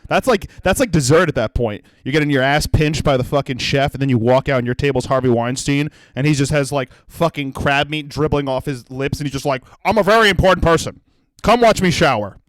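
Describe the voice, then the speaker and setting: A young man hosting a comedy podcast, telling a profane, animated story and acting out the people in it. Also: mid-range voice, fairly quick, hardly any pauses, no room sound. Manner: profane, animated, acts out voices in his story.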